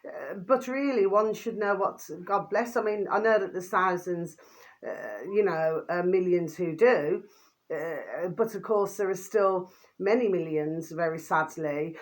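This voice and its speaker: Rambling woman. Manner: rambling, full of fillers and repeated tag questions; drops pet phrase "my delicious babies" in a quick low aside. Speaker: vlogger commenting on videos. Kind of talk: rambling casual commentary.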